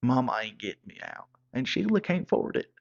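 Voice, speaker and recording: A gravelly, rough-edged man with a drawl rambles through a wild comic story, cussing freely as he goes. His voice sits at an everyday middle pitch, and the recording sounds dull and lo-fi. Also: very animated, brisk. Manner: rowdy, profane, rambling backwoods tall-tale telling. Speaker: comedic storyteller.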